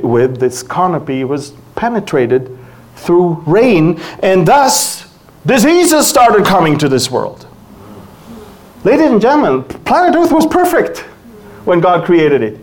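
Lively preacher for a sermon: big swoops in pitch, acts out voices, with loud peaks and hushed asides. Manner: animated, acts out dialogue with exaggerated voices; swings between loud exclamations and hushed asides. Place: church before an audience.

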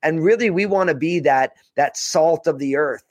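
A man's voice: fairly high pitch, moderate pace, no room sound. A man hosting a faith conversation, earnest, often repeating words as he thinks. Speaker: podcast host.

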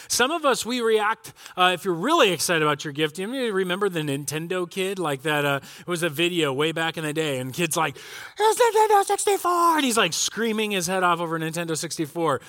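A man's voice: high-pitched, pushed and bright. A middle-aged man preaching a casual, joking Christmas sermon to his congregation, acting out people's reactions. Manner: chatty, joking, acts out reactions. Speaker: pastor.

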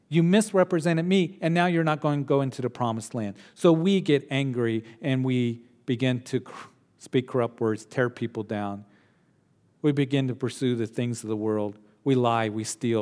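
A man preaching a sermon as pastor, earnest, dropping to hushed tones and then rising to emphatic points. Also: mid-range voice, long reverb tail.

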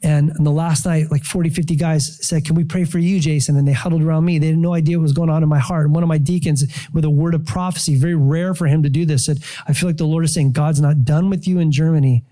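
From the pulpit, a middle-aged pastor shares his testimony in a mellow, relaxed voice pitched a bit higher than most men's. He talks quickly with hardly any pauses, telling the story animatedly and acting out his prayers and surprise.

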